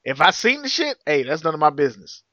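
A man's voice: fairly high pitch, big pitch swings, fast talker, bright, forceful tone, no room sound. A man co-hosting a podcast, giving blunt, emphatic opinions in casual chat. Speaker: podcast co-host. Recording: dull dry lo-fi audio.

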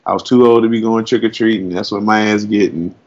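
A man's voice: on the low side, steady tone, quick pace, darkish tone, highs cut off. A man, a podcast co-host, rambling in a casual chat with heavy slang and frequent laughs.

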